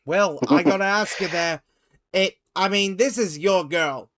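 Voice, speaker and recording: A man co-hosting a podcast, asking teasing questions in a lively way. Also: high voice, moderate pace, hardly any pauses, no room sound. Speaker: podcast co-host. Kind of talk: casual podcast chat.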